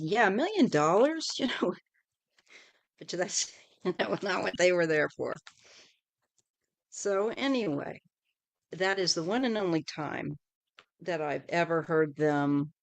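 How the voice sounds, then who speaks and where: A middle-aged woman talks casually through a live tarot stream. She rambles from one thought to the next, and her voice often drops off softly at the ends of phrases. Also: low voice, measured pace, gravelly, long pauses. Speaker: tarot reader hosting a livestream. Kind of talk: casual livestream chat.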